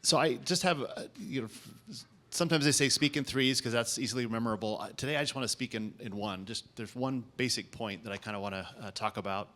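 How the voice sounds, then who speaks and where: A man gives a town hall speech as an invited speaker and author. He talks in a gracious, halting way with many fillers. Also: medium pitch, pushed and bright, a little hiss or hum. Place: conference event.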